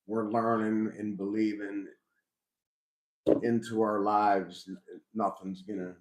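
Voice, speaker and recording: A man's voice: lowish voice, little pitch movement, takes it slowly. A middle-aged man hosting a casual live chat, reflective and rambling with frequent restarts. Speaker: host. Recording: roomy echo.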